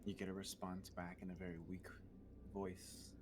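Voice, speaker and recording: Male GM, deep voice, calm plain narration, noisy recording. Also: moderate pace. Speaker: game master. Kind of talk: narrating a tabletop game.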